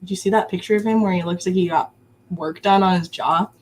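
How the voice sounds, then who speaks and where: A woman in her twenties, a guest in a casual chat, telling stories in an animated way with frequent laughs. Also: on the low side, fast talker. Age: 20s.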